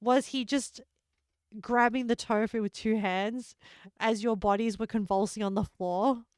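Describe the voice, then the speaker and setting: A woman's voice: on the high side, fairly even intonation, unhurried, darkish tone, clear, resonant tone, no room sound. A woman streaming a game, chatting casually with her viewers, joking and laughing often, on a close desk microphone.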